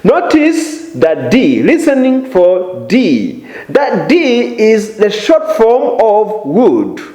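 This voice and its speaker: A man giving an English lesson at an unhurried, careful pace. His fairly high voice swings widely up and down as he models intonation. The room around him sounds noticeably echoey. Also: wildly swooping pitch, warm tone. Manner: exaggerated rising intonation on example phrases. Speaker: English teacher. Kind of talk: slow, deliberate language lesson. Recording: roomy echo.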